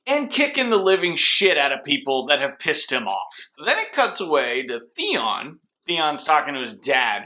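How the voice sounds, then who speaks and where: A man's voice: a little high, highs cut off. A drunk man rambling through a comedic movie recap, with lots of restarts and fillers. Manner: rambling, slurring storyteller with restarts.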